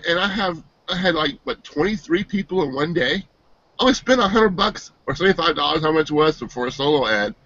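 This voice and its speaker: A man giving an earnest, emotional personal testimonial, halting and restarting as he speaks. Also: on the high side, a bit bright, dry recording. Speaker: team member giving a testimonial. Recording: dull, dry lo-fi sound.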